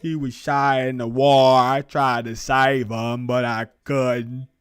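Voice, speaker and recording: A man putting on a comic impression of a slow, simple-spoken grieving Southern man, telling a story with crude jokes on a live stream. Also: mid-range voice, little pitch movement, clean tone, dry recording, natural voice. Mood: mournful.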